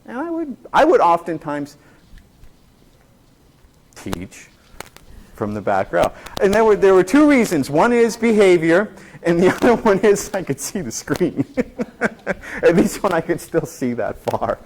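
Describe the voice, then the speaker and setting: Animated storytelling college instructor, man. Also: sits high, measured pace, long pauses. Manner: animated storyteller, acts out quotes, many restarts. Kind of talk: faculty talk with anecdotes.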